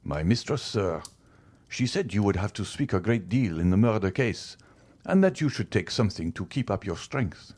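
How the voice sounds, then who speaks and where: A man's voice: on the low side, expressive, normal speed, darkish tone. A man voicing a deferential household valet who answers politely in a subdued voice in an audiobook.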